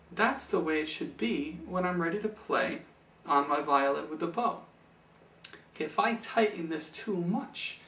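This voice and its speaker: A man's voice: fairly high pitch, a bit bright. A man teaching a beginner violin lesson on video, patient and repeating key phrases for beginners. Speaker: music teacher. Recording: echoey room from far off.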